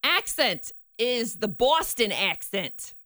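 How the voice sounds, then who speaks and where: A woman's voice: fairly high pitch, big pitch swings, slow, bright, forceful tone. A woman from the US Midwest co-hosting a morning radio show, chatting casually and playfully, often laughing.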